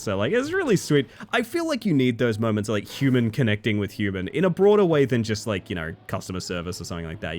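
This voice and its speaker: A streamer chatting casually and telling a rambling personal story to their live viewers, with lots of fillers. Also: medium pitch.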